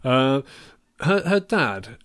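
A man's voice: mid-range voice, very animated, extremely slow, fairly bright tone, no room sound. An English man co-hosting a film podcast in casual chat, dry and joking, often stumbling over restarts. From England. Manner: stammering restarts, dry humour, frequent laughs. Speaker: podcast co-host.

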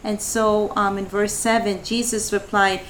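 A woman's voice: medium pitch, level tone, a little slow, a little hiss or hum. A woman leading a devotional Bible study, reading verses and rising into fervent prayer.

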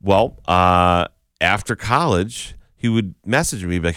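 A man's voice: low voice, lively intonation, unhurried, a bit bright, clear, resonant tone, no room sound, clean studio sound. A man co-hosting a morning radio show, chatting casually and telling stories, acting out other people's lines as he goes. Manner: storytelling, chatty, acts out quoted lines.

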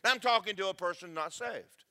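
A man preaching a sermon, emphatic and preachy, swinging between loud and soft. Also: sits high, a little fast. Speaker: pastor.

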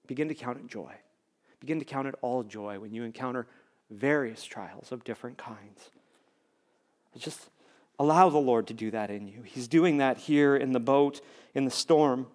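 A man preaching a sermon as a pastor, talking conversationally, building to emphatic repeated lines and dropping to hushed near-whispers. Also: mid-range voice, normal speed.

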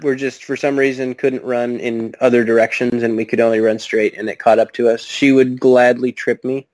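A man's voice: mid-range voice, flat delivery, normal speed, a little mellow, no room sound. Joking man on a dry close mic. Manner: joking, self-deprecating. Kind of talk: casual chat.

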